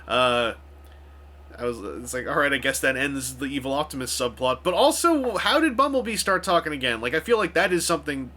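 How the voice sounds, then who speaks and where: A man rambles to camera from home, his voice bright and a little tense as he stacks up fillers and false starts. He slips into dry, sarcastic asides while keeping a loose, offhand tone throughout. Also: on the high side, animated, a little fast. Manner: chatty, frequent fillers and restarts, sarcastic asides. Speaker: vlogger reviewing a film. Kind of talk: casual rambling talk to camera.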